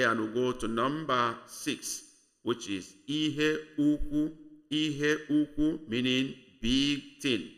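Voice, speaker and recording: A man with a Nigerian accent teaching a spoken language lesson, repeating each word slowly and deliberately for learners. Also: medium pitch, sharp tone. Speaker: language tutor.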